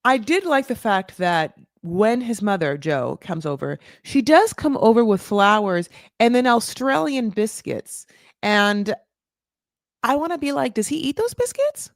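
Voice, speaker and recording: Gossipy woman with a gravelly voice. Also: mid-range voice, big pitch swings, a little slow, dry recording, studio quality. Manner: gossipy, sarcastic, swears, lots of "like" fillers. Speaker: podcast host recapping a reality show. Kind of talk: casual chatty recap.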